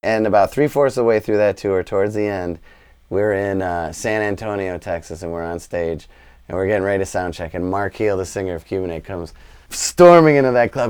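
A man telling a road story as a podcast guest, lively and quoting people in animated voices. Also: on the low side, a little fast, smooth. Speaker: guest musician. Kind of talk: storytelling anecdote.

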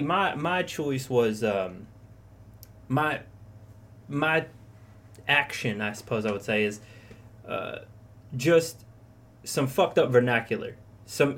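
Here a young man co-hosts a laid-back podcast conversation, wandering and swearing as he tells stories and performs quoted lines. His voice sits at medium pitch with a slightly bright quality.

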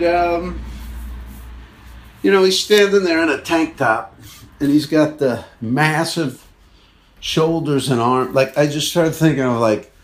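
Rambling, chatty male podcast host. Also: mid-range voice. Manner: chatty, meandering, acts out quoted voices. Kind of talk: rambling comic monologue.

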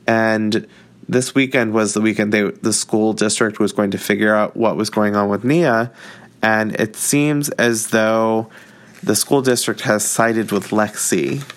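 A man casually recapping a TV episode, talking loosely with lots of filler words. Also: on the low side. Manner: chatty, heavy use of "like". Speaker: show recap host.

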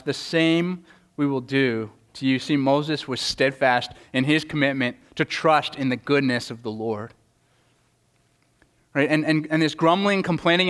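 A pastor preaches earnestly, his voice on the high side with a fairly bright tone. He often repeats words when starting a thought, stammering a bit, and voices the people he quotes.

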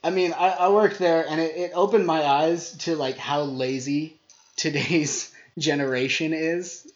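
A young man co-hosting a casual comedy podcast, telling stories in an animated, rambling way. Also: on the high side, a little slow, dull audio, a little hiss or hum. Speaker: podcast co-host.

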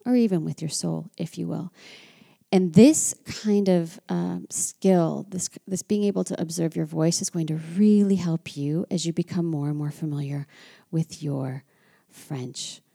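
A woman's voice: fairly low pitch, vocal fry, dark tone. An American woman giving a chatty, reflective talk as a French culture teacher. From United States. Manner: chatty and reflective, with frequent asides. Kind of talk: casual teaching monologue.

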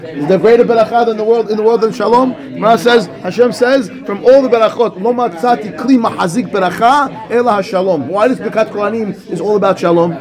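A man teaching a Torah class as a rabbi, animated, acting out dialogue and reading Hebrew texts. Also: high voice, racing, crowd noise.

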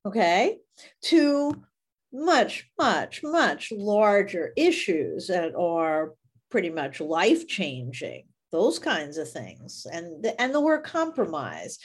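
A woman's voice: fairly low pitch, big pitch swings, slow pace, breathy edge. A woman co-hosting a podcast, speaking emphatically and piling up examples with fillers along the way. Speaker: podcast co-host. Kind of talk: conversational podcast chat.

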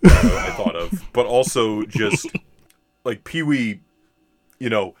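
A man co-hosting a podcast in casual chat, animated and laughing often, with quick bursts of mimicry. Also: medium pitch. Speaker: podcast co-host.

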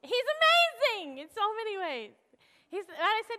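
A woman pastor preaching a sermon and telling a personal story in an animated, expressive way. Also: very high voice, normal speed, long reverb tail.

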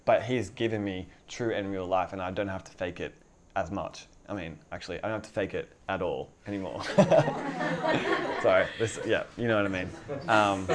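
A man's voice: mid-range voice, slight background noise. A young man preaching a casual sermon in a loose, chatty way, full of filler words and easy laughter. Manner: conversational, lots of filler likes, laughs easily.

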